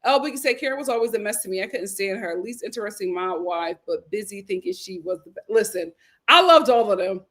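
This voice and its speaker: A young woman hosting a live recap stream, chatting casually, reading viewer comments, laughing often and swinging between loud outbursts and murmured asides. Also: medium pitch, animated, fast talker. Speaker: live recap show host.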